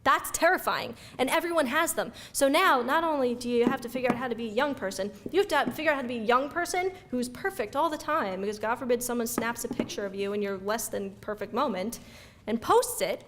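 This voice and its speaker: A woman giving an energetic, conversational talk to an audience, acting out everyday reactions as she goes. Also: fairly high pitch, fairly quick. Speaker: speaker giving a talk on youth mental health. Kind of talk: lively lecture to an audience. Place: event room before an audience.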